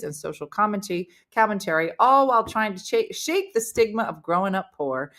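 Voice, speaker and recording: A chatty woman with a New Jersey accent hosts a casual comedy talk show. Her voice is bright and forward, and she talks in an animated way. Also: mid-range voice. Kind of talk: casual chat and guest introduction.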